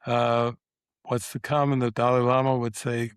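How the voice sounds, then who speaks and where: An older man, a spiritual teacher, talking as a guest in a relaxed interview, meandering and reflective with many pauses and fillers. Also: mid-range voice, clear, resonant tone, dry recording. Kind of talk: casual interview talk.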